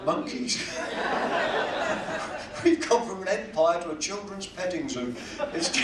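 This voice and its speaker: A man's voice: sits high, lively intonation, measured pace, pauses often, a crowd in the background. A man with a British accent doing stand-up comedy in a cruise ship cabaret lounge, self-deprecating and teasing the audience. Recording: echoey room, heard from a distance.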